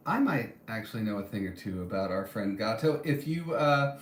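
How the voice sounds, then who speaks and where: A man's voice: fairly low pitch, expressive, normal speed, echoey room. Rambling man chatting on a live stream. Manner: rambling, with many ums and restarts. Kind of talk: casual live-stream chat, reading comments.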